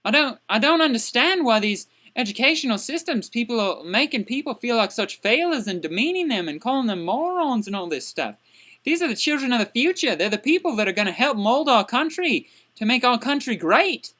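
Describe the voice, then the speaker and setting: A woman's voice: fairly high pitch, big pitch swings, brisk, a bit bright. A woman playing a crude, indignant young man who rants exasperatedly in a comedic character vlog.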